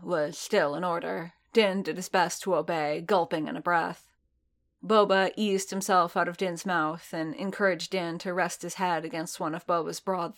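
Low-voiced woman narrating a story. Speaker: audiobook narrator. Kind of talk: reading fan fiction aloud.

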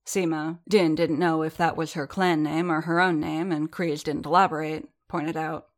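A woman with a fairly low voice narrating fiction for an audiobook. Her telling stays even and measured, carrying the scene steadily through description and dialogue tags.

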